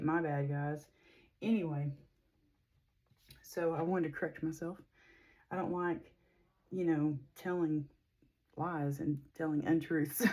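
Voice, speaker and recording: A middle-aged woman with a drawl chats with her viewers as a tarot reader. She rambles warmly, full of fillers and asides, and her voice sits low and mellow. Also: low-quality recording. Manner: chatty, rambling, with frequent fillers. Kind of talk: casual spiritual reading to viewers.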